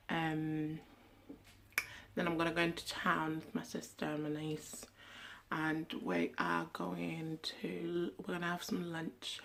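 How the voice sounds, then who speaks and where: Slow, chatty young woman. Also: deep voice, creaky, a bit bright. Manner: chatty, rambling with fillers. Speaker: vlogger. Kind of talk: casual vlog chat. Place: indoors at home. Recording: music playing behind.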